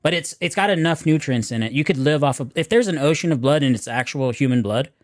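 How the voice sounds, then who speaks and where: A man's voice: fairly high pitch, expressive, quick pace, dry recording, clean studio sound. A man co-hosting a podcast, chatting casually about a movie and laughing along. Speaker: podcast co-host. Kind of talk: casual movie review chat.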